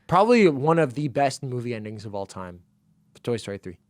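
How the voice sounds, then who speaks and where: Excitable young man chatting on college radio. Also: mid-range voice, a little fast, no room sound. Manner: excitable, rambling, animated storytelling. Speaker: radio show co-host. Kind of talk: casual chat. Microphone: studio microphone.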